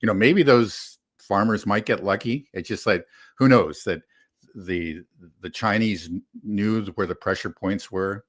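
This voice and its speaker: A man co-hosting a casual political chat, talking in a measured way with many fillers and frequent laughs. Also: on the low side. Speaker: co-host.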